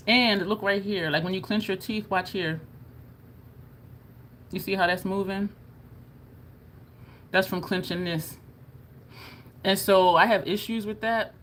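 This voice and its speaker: A woman's voice: mid-range voice, steady tone, unhurried, long pauses, a bit bright, a little hiss or hum. A woman vlogging to camera in a casual, chatty way, laughing often and showing her jaw as she talks. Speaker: beauty vlogger.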